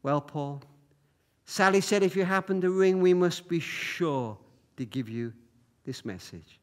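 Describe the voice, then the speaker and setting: A man doing a gentle woman operator. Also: sits high, measured pace, voice pushed down. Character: polite middle-aged woman telephone operator.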